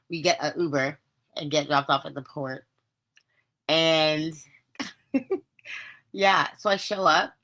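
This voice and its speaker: A woman hosting her podcast, telling a story in a casual, animated and dramatic way, often laughing and using chatty slang. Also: deep voice. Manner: chatty slang, addresses listeners as babes. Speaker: podcast host.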